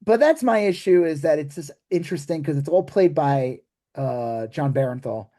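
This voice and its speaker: A man's voice: on the high side, expressive, moderate pace, warm tone. A man co-hosting a podcast, chatting loosely about a movie, swearing casually and trailing off mid-sentence. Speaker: podcast co-host.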